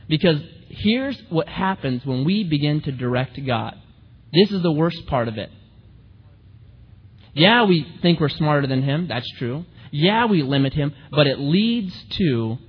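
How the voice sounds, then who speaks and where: A man preaching a sermon in an animated way, acting out the voices of the people he quotes. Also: on the high side, breathy edge. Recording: muffled recording in a reverberant hall.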